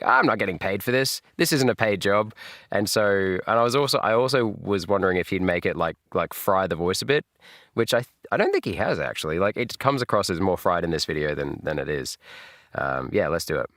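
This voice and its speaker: An Australian man chatting on a live reaction stream, jokey and animated and laughing often. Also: low voice, a little fast, no room sound, clean studio sound.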